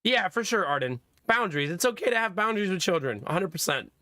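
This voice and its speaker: A young streamer dad tells stories to his chat in a high, bright voice. He is animated and laughs often. The sound is dry and close, with no room echo. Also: fast talker. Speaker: streamer and father. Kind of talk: casual chat with stream viewers.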